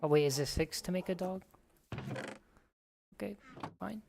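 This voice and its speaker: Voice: mid-range voice, measured pace, gravelly. A streamer chatting casually while playing a game, telling rambling, joking stories. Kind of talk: casual chat while gaming. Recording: steady background noise.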